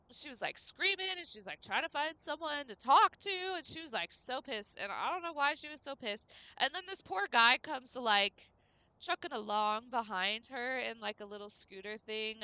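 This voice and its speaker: A woman's voice: fairly high pitch, pushed and bright, smooth, no room sound. A young woman streaming a game, chatting casually and rambling to her viewers with lots of "like" fillers.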